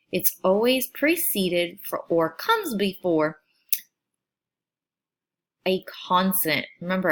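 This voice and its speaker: A woman teacher giving a recorded phonics lesson for children, sounding out syllables with slow, clear over-enunciation. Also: mid-range voice, fairly bright tone.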